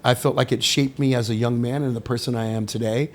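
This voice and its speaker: A middle-aged man, a guest on a podcast, telling stories in a casual, animated way, acting out the voices of people he quotes and swearing now and then. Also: medium pitch, fast talker. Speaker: podcast guest, sommelier and winemaker. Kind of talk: casual storytelling interview.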